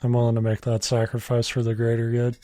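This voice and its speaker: A man's voice: medium pitch, monotone, quick pace, dark tone. A man co-hosting a podcast, chatting casually with dry, self-mocking humor and frequent swearing. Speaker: podcast co-host. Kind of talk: casual rambling chat.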